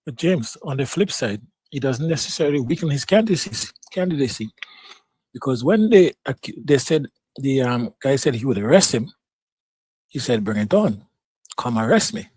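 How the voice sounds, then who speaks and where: Husky man on a news panel, measured counterpoint, dry sound. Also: medium pitch, animated, darkish tone, dry recording. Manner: measured, argues the other side. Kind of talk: live podcast panel discussion.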